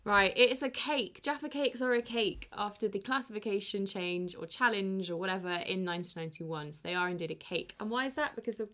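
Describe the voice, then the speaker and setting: A woman's voice: medium pitch, fairly quick, few pauses, fairly bright tone. A woman hosting a casual online quiz, reading out answers with chatty, teasing asides. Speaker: quiz host.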